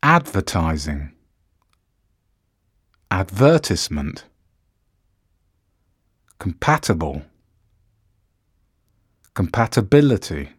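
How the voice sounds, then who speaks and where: A man reading an English pronunciation lesson aloud, saying each word slowly and clearly. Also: low-pitched, big pitch swings, no echo, studio quality. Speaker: language course audio narrator. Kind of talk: slow, deliberate scripted pronunciation reading.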